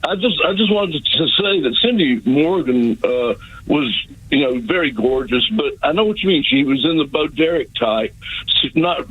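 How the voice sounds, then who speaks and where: A man's voice: a little high, lively intonation, breathy edge. A man calling in to a radio show, speaking hesitantly with many fillers over a phone line. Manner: hesitant, halting, full of fillers. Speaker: caller. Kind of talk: casual radio call.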